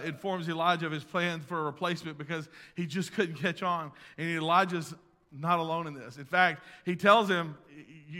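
A man preaching a sermon as pastor, swinging between loud emphasis and hushed asides, recorded in a church sanctuary. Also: on the high side. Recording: long reverb of a large hall.

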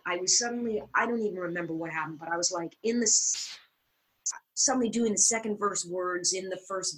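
Middle-aged woman, stage-actor guest, lively storyteller with a mid-range voice that jumps around to act out quotes. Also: low-quality recording. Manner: animated storyteller, acts out quoted lines with big pitch jumps. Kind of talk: casual storytelling interview.

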